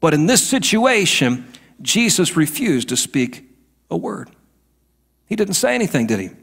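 A middle-aged male pastor delivers his sermon in a high-pitched voice. His delivery is animated, with pitch leaping around. He shifts from soft, confiding asides to bold, emphatic declarations. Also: a little slow, vocal fry, husky. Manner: animated preaching, swings between hushed and emphatic.

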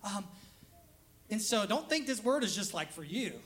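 A man's voice: sits high, sing-song, normal speed, fairly bright tone. A male pastor giving a live church sermon in a conversational style, repeating words for emphasis and briefly acting out the people he quotes. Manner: conversational preaching that acts out short quoted voices. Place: church service streamed live.

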